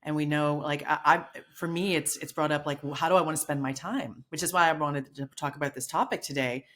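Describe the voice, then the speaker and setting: A middle-aged woman with a fairly low voice chats on a podcast as co-host. She tells stories animatedly, restarting sentences and acting out what people said. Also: brisk. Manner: animated storyteller, many restarts and acted quotes. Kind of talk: casual chat.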